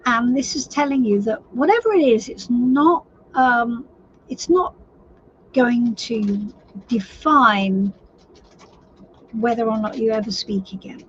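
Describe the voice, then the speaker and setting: A woman's voice: a little high, slow pace. A woman giving a live tarot reading to viewers, chatty and sympathetic, often restarting her sentences. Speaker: tarot reader. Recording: slightly dull lo-fi stream audio with faint noise.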